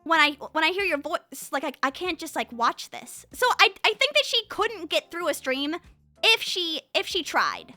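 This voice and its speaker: A young woman streamer chatting casually with her live chat, talking very fast and bubbly. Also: very high-pitched, sing-song, bright, forceful tone, no echo, faint music behind.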